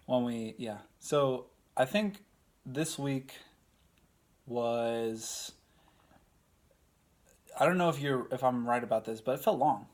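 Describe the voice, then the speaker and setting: A young man with an average, mid-range voice co-hosts a casual podcast. He tells stories in a halting, chatty way, with plenty of ums and likes. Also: mid-range voice. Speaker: podcast co-host. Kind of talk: casual chat.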